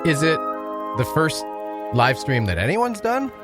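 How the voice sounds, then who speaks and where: A man's voice: fairly high pitch, big pitch swings, unhurried, over music. A man co-hosting a morning radio show who chimes in with dry, teasing one-liners. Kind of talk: casual radio banter. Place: radio studio.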